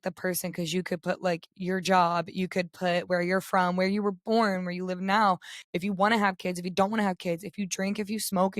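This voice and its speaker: A young woman with a slightly raspy voice tells dating stories as a podcast co-host. She is chatty and animated, and her pitch sits mid-range. The sound is dry and close on a studio mic. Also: no room sound. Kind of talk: casual chat.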